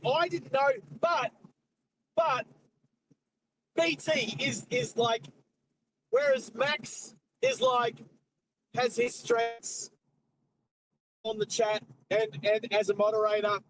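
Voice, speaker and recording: A man's voice: very high voice, background noise. An Australian man hosting a live stream from his car, chatting with viewers as he drives and points out sights along the road. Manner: chatty, jumping between road commentary and viewer chat. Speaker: host of a live driving stream. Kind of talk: casual live-stream chat while driving.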